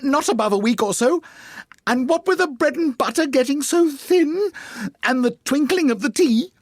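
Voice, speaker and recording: A man's voice: extremely high pitch, animated, normal speed, no echo, studio quality, voice pushed up. A man voicing a timid, nervous hatter who pleads in a trembling voice in an audiobook. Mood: anxious. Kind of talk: audiobook character voice.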